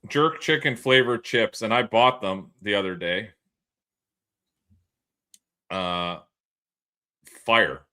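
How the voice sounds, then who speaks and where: A man co-hosting a podcast, joking around with a tense, forceful edge to his voice. He sits a little low in pitch and laughs easily, swears freely and keeps the banter loose. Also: expressive, slow pace, pauses often. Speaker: podcast co-host. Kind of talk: casual banter.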